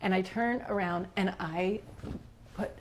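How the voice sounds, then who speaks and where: A woman guest recounting a personal experience in an interview, animated and giggly, acting out quotes and dropping to a whisper at tense moments. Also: medium pitch, measured pace, a little hiss or hum. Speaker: leadership coach, guest. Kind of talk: personal storytelling in a podcast interview.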